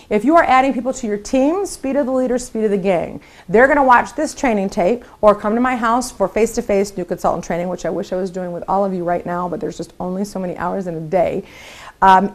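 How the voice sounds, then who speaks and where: Upbeat woman coaching new sales recruits. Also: fairly high pitch. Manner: upbeat, encouraging, acts out phone calls in lively voices. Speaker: sales team leader training new consultants. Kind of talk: training talk to camera.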